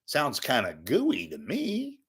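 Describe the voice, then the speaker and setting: A man's voice: fairly high pitch, wildly swooping pitch, takes it slowly, a bit bright, slightly rough, voice pushed up, heavily acted. A man doing a grumbling old TV commentator. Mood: wry musing. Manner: rhetorical why-questions, wry complaining. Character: grumbling elderly male TV commentator, musing.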